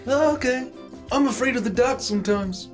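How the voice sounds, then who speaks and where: A man's voice: very high voice, moderate pace, over music, voice pushed up. A man voicing a laid-back male goliath sailor with a drawling surfer-dude way of talking. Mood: mellow.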